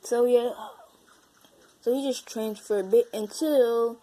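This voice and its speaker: A woman's voice: a little high, steady tone, slow pace, warm tone, slight background noise, poor audio. A woman telling an improvised fan-fiction story in a loose, rambling way, restarting often. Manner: rambling, with many fillers and restarts. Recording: music playing underneath.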